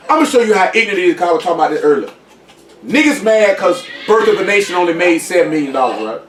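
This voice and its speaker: Man, high voice, emphatic casual talk, roomy echo, heard from a distance. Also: very animated, rapid-fire, slight background noise. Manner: emphatic, repeats "you know what I'm saying". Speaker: speaker in a group discussion. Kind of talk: casual group discussion. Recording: echoey room, voice from a distance.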